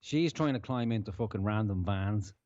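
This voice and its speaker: A man's voice: fairly low pitch, normal speed, darkish tone, dry recording, lo-fi sound. A man hosting a podcast, giving a casual, profane, ranting commentary full of swearing. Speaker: podcast host.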